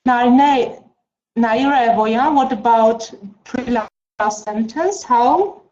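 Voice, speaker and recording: A woman teaching an English class online, slow and coaxing, with many mm-hmms. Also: fairly high pitch, mellow. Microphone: video call. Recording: dull lo-fi video call.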